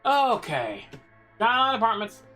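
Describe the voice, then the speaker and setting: A woman's voice: fairly high pitch, big pitch swings, slow pace, a bit bright, soft background music. A woman streamer narrating a game casually, reading its text aloud with muttered asides.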